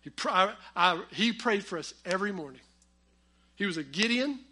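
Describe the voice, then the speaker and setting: A man preaches a sermon and weaves family stories into it with humor. His voice sits high and bright. He pushes hard on key lines, then drops to quiet asides. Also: expressive, normal speed, breathy edge. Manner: storytelling with humor, swings between loud emphasis and quiet asides. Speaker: pastor.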